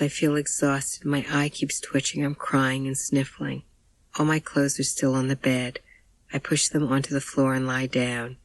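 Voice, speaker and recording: A woman's voice: very deep voice, dry recording, rough recording. A woman reading an audiobook in first person, with plain, intimate storytelling. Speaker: audiobook narrator.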